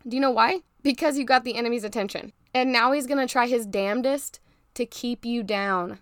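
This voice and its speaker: Young woman podcast host, fired-up faith pep talk, smooth clear voice, slightly high. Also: brisk, a bit bright, no echo, clean studio sound. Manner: emphatic, preachy, fired-up encouragement.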